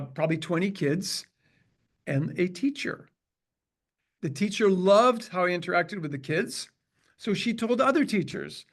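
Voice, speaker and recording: A man from Canada in his sixties, speaking in a slightly high voice for a man. He tells a personal story with animation and acts out the voices of the people in it. It sounds like an interview guest recalling his student days. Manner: animated storyteller who acts out quoted dialogue. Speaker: chiropractor guest.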